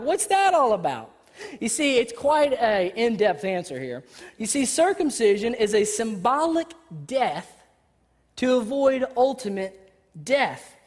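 Woman preacher with a fairly high, lively voice; conversational, joking sermon in a reverberant church. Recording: reverberant hall.

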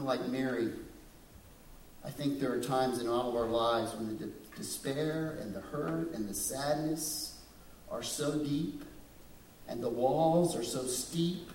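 A man's voice: mid-range voice, takes it slowly, a little mellow, a little hiss or hum. A man preaching a sermon in a church, dramatic and questioning, slipping into voices when he quotes people. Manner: dramatic, shifts into voices for quoted figures, asks the congregation questions. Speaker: pastor. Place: church sanctuary. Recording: echoey room, distant mic.

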